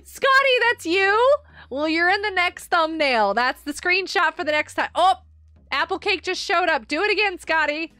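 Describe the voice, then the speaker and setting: A woman chatting casually while she streams a game, excitable and quick to gasp and laugh. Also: very high-pitched, no room sound. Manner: excitable, gasping and laughing often. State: sleepy, yawning. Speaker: gaming livestreamer. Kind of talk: casual live gameplay chat.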